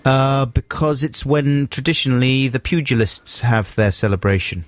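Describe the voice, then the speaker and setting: A man's voice: medium pitch, fairly even intonation, normal speed, no room sound. A man hosting a radio show in casual, rambling, jokey chat. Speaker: radio host. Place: radio studio.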